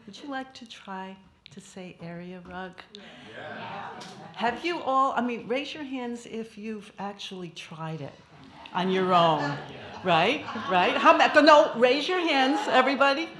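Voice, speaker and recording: A woman's voice: on the high side, animated, measured pace, a crowd in the background. A woman speaking at a memorial tribute, playfully coaxing the audience to join in and laughing often. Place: small performance venue. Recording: echoey room with loud background noise.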